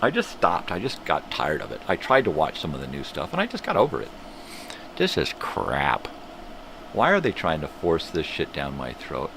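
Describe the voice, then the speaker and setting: A man's voice: a bass voice, wildly swooping pitch, moderate pace, creaky, a bit bright, slight background noise. An older man hosting his own morning show, ranting bluntly and profanely in a casual monologue. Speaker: host of a morning livestream show.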